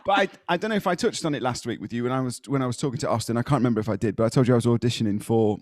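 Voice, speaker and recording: A man in casual podcast chat, spinning rambling, animated anecdotes full of hesitations. His voice sits in a middle register and sounds dry and close, with no room around it. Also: mid-range voice, very fast, no room sound. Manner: animated, rambling storyteller with many ums. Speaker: podcast co-host.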